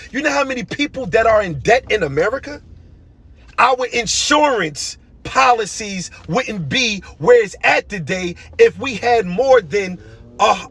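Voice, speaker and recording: A man's voice: very high-pitched, a bit bright, husky. A young man delivering an impassioned, emotional monologue, hammering his points with repeated phrases.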